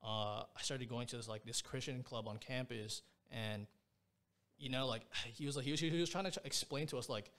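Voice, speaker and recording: A man's voice: medium pitch, a little fast, a bit bright. Young guy on a podcast rambling through a story, says bro and like constantly, super casual. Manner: slangy, rambling, peppers speech with "bro" and "like". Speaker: podcast guest.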